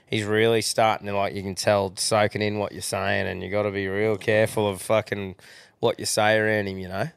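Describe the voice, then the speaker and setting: A man's voice: on the low side, little pitch movement, gravelly, clean tone, dry recording. A man hosting a podcast, chatting casually, swearing often and laughing easily. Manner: laid-back, heavy swearing, quick to laugh. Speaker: podcast host. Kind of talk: casual chat.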